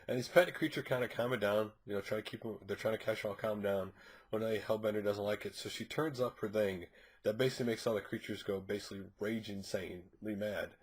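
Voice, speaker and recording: A man's voice: fairly low pitch, fairly even intonation, quick pace, husky. A man reviewing a comic book issue, recapping the plot casually in a rambling way with frequent fillers and restarts.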